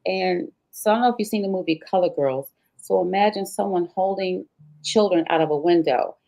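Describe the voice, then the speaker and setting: Gravelly low-voiced woman telling her story. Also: fairly quick, warm tone. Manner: vivid retelling, acting out dialogue. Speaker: interview guest. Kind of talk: emotional personal storytelling.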